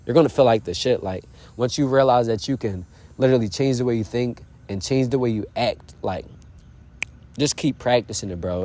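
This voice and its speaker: A man with a mid-range, darkish voice vlogs casual motivational self-talk. He's earnest and encouraging, using loose slang, saying "bro" and "you feel me" a lot, and making frequent asides to the viewer.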